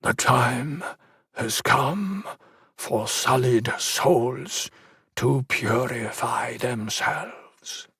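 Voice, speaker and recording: A man reading the part of a grim, cryptic old ship's doctor in an audiobook, speaking slowly and solemnly with foreboding. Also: medium pitch, creaky, a bit bright, husky, dry recording, studio quality, exaggerated voice. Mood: murmuring dread.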